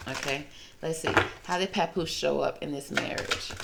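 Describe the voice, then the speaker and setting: Sassy low-voiced woman reading tarot. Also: normal speed, gravelly, very noisy. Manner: sassy, gossipy, calls listeners honey and baby. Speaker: tarot reader host. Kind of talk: casual tarot reading commentary.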